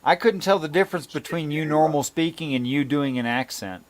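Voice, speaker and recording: A man's voice: on the high side, a little fast. A man in a casual chat, blunt and argumentative and sometimes self-deprecating.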